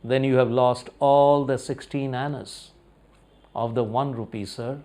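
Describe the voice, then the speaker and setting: A man voicing a humble old boatman in a spoken story, speaking lower and more softly than his narrating voice. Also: fairly even intonation, a little slow, natural voice. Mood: triumphant. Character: humble old male boatman, later defiant.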